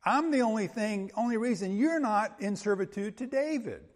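A high-pitched male pastor preaches an expository sermon at normal speed, emphatic yet conversational, frequently checking in with listeners. Long hall reverb colors the sound.

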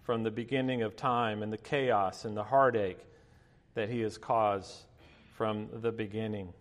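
Storytelling pastor in a reverberant hall. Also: male voice, lowish voice, fairly even intonation, unhurried. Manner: storytelling, chatty with many fillers, laughing asides. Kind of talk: sermon with personal story.

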